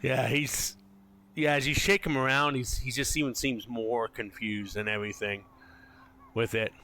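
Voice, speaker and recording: A man running a tabletop game as game master, narrating scenes in an animated, descriptive way. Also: mid-range voice, normal speed, a little hiss or hum. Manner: descriptive, animated, laughs easily.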